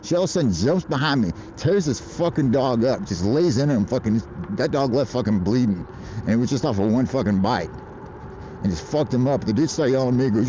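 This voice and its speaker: An American man rides a bike through traffic while livestreaming, his medium-pitched voice animated, brisk, and warm. He rambles, swears, and laughs often; the highs are cut off and there's slight background noise.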